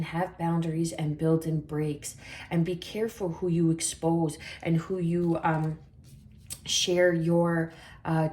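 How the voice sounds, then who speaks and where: Soft-toned woman giving a chatty tarot reading. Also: fairly low pitch. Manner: chatty, reassuring, self-correcting with fillers and small laughs. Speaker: tarot reader. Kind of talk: casual tarot reading to viewers.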